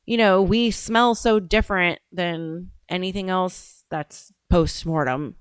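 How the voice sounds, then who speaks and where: A woman's voice: fairly low pitch, fairly even intonation, takes it slowly, clean tone, dry recording. A woman hosting a casual livestream show, rambling off on tangents and swearing casually. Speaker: show host.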